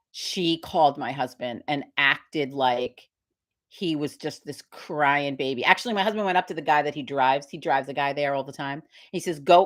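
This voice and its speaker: Chatty profane woman on a morning stream. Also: low-pitched. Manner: rambling, profane storytelling with quoted voices. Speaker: host of a live witch community stream. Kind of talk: casual livestream chat.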